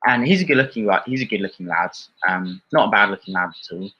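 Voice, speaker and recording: A man's voice: lowish voice, animated, fast talker, slightly rough. A man explaining dating advice earnestly on a live Q&A stream. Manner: earnest, explanatory, restarts mid-sentence. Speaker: dating coach co-host. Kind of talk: live Q&A chat. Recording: dull lo-fi stream audio.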